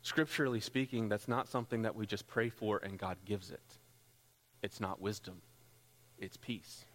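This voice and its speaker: A man preaching a sermon as pastor, rising into loud, impassioned passages. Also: fairly even intonation, normal speed. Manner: builds to loud, high-pitched pleading passages. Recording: long hall reverb.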